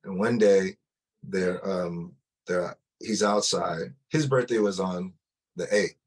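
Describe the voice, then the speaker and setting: A man's voice: low-pitched, takes it slowly, breathy edge. A man telling his personal testimony in a loose, conversational way, often restarting and filling with "like". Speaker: testimony speaker.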